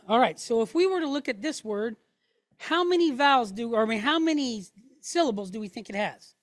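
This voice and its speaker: A woman's voice: on the high side, animated, normal speed, dry recording, clean studio sound. Patient middle-aged woman teaching a class. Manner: patient, checks in with "okay?" after each point. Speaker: Hebrew teacher. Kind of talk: classroom lesson.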